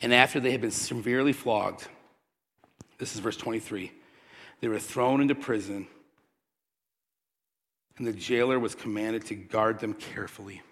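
A man preaching a sermon, telling the story with animated energy that builds to loud peaks. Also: fairly low pitch, normal speed, long pauses, breathy edge. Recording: long hall reverb.

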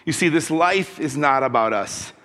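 A pastor delivering a conversational sermon, telling personal stories and putting questions to the congregation. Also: male voice, fairly high pitch, expressive, normal speed, bright, forceful tone, long reverb tail.

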